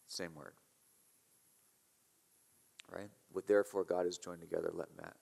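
A man preaching an expository sermon, emphatic, repeating key phrases and swinging between loud and hushed. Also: fairly low pitch, fairly even intonation, moderate pace, gravelly, long pauses. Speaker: pastor. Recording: reverberant hall.

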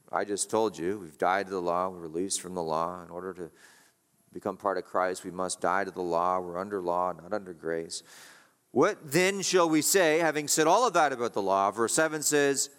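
Pastor preaching in a reverberant hall. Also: male voice, lowish voice, fairly bright tone. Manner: rhetorical questions, emphatic repetition. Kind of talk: sermon.

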